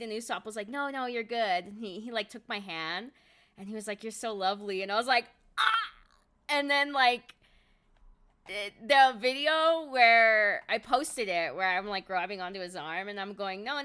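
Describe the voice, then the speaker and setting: A young adult woman chatting casually on a live stream, excitable and quick to swear and laugh. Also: medium pitch.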